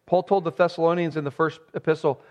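A man's voice: fairly high pitch, fairly even intonation, quick pace. A man preaching an expository sermon as pastor. He speaks emphatically and poses rhetorical questions to his listeners. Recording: dull lo-fi recording.

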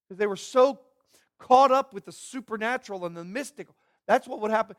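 A man preaching a sermon, swinging from hushed, almost whispered lines to loud, emphatic bursts. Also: high-pitched, animated, brisk. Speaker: pastor.

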